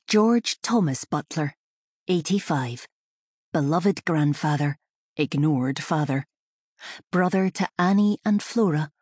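Low husky woman narrating a novel. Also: a little mellow, no echo, studio quality. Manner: measured storytelling. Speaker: audiobook narrator. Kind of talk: scripted narration.

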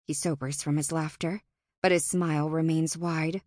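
A woman narrating a first-person fantasy audiobook in an expressive, tense and dramatic manner. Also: low-pitched, moderate pace, no echo, studio quality.

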